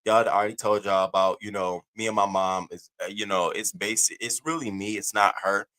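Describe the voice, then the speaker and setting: A man's voice: lowish voice, fairly even intonation, brisk, pushed and bright. A man in his thirties hosting a casual live stream, candid and profane, swinging between laughing and heavy moments. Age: 30s.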